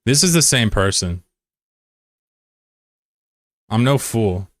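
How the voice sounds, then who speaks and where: A man's voice: fairly low pitch, animated, takes it slowly, fairly bright tone, dry recording, clean studio sound. A man live streaming and chatting casually with his viewers while he plays, laid-back, swearing freely and laughing easily. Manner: chats with viewers while playing a game. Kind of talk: casual livestream chat.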